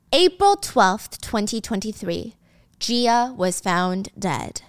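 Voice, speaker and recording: A woman's voice: mid-range voice, big pitch swings, takes it slowly, clean tone, no echo, studio quality. A young woman casually recapping a drama story, chatty and opinionated with dramatic asides.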